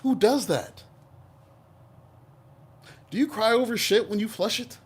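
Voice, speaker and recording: A man giving a casual tarot reading, animated and profane, teasing the listener and slipping into playful voices. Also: high voice, a little slow, pauses often, slightly rough. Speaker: tarot reader.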